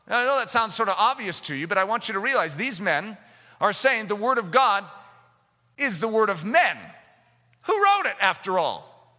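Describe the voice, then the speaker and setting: A man delivers a fiery sermon, his high voice swinging widely as he builds to shouted points. His tone is extremely bright and cutting, and it rings with the long reverb of a large hall. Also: very animated, normal speed. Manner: impassioned, rising to shouts, acting out skeptics' voices. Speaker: preacher.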